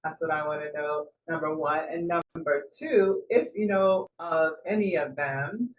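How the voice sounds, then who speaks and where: A woman's voice: sits low, measured pace, dull audio, a little hiss or hum. A woman co-hosting a podcast in a chatty, rambling way, full of fillers. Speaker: podcast co-host. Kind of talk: casual chat.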